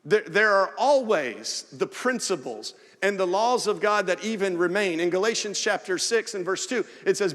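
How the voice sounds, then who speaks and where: High-voiced preacher in a reverberant church hall. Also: male voice, a bit bright. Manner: earnest preaching with acted-out asides. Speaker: pastor. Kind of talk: sermon. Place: church sanctuary.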